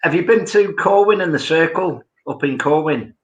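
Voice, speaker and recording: A man's voice: fairly high pitch, moderate pace, dull audio, crowd noise. A man in casual chat about paranormal sites, rambling and adding detail after detail. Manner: rambling, piles on "as well". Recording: echoey room sound.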